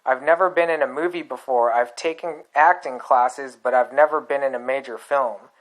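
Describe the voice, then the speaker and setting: A man's voice: medium pitch, steady tone, normal speed, close to an everyday voice, low-quality recording. A man reading the lines of a friendly young aspiring actress without changing his voice.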